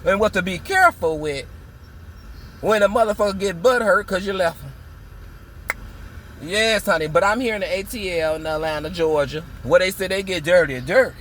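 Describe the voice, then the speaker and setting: Man from Michigan, high voice, flamboyant vlog rant, dramatic emphasis, recorded in a car. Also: a bit bright, slight background noise. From Muskegon, Michigan. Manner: sassy, dramatic, drawn-out emphasis. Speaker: vlogger. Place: car, in a parked or moving vehicle.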